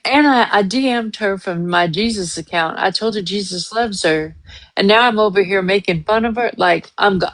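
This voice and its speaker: A woman's voice: medium pitch, moderate pace, no room sound. Chatty, giggly woman on a live stream. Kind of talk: casual live stream chat.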